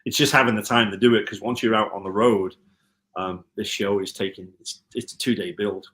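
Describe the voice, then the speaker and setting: A guitar tech from Liverpool, his Scouse accent softened with some American, tells stories in a casual interview, full of ums and restarts. His voice is lowish, his tone steady, and his pace brisk.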